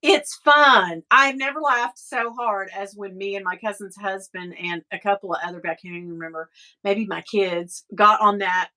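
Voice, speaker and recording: A woman's voice: mid-range voice, moderate pace, bright, forceful tone. A middle-aged woman from the American South with a Southern accent, rambling and laughing as she chats with her livestream viewers. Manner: chatty, rambling, laughs often, swears casually. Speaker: livestream host reading chat. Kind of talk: casual chat.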